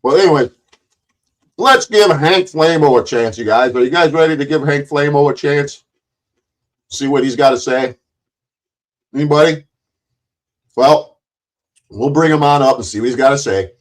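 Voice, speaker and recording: A man hosting a livestream, talking in a somewhat high voice. He taunts his guests, keeps cutting in, and shouts profane insults as the argument heats up. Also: unhurried, long pauses. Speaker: livestream host.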